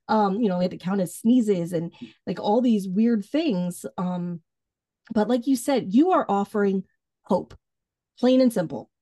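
A woman's voice: mid-range voice, a little slow, warm tone, no echo, clean studio sound. A woman hosting an interview, sharing a personal story in a heartfelt, thoughtful way. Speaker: podcast host.

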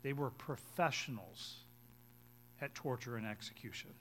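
Reading scripture aloud and unpacking its meaning, a male pastor delivers his sermon at a measured pace over slight background noise. He builds to loud, forceful peaks before sinking back to a low, quiet tone.

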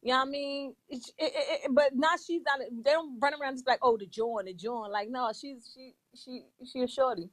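A woman's voice: high-pitched, a little fast, few pauses, no room sound. A woman with a Philadelphia accent, a podcast guest talking in laid-back slangy banter.

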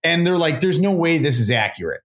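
A man co-hosting a podcast in casual chat, telling jokey stories in an animated way. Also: on the high side, fairly quick. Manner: animated, swooping, jokey storytelling. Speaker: podcast co-host.

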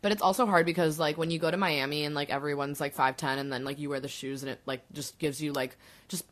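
A woman in her twenties from the United States co-hosts a podcast, chatting casually with lots of fillers and casual swearing. Her low-sitting voice is steady in tone, and she talks fast.

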